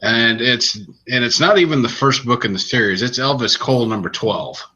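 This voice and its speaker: Medium in pitch and moderate in pace, this male voice comes through poor audio. He co-hosts a book-review podcast, relaxed and casual, wandering through a book's plot and restarting himself as he goes.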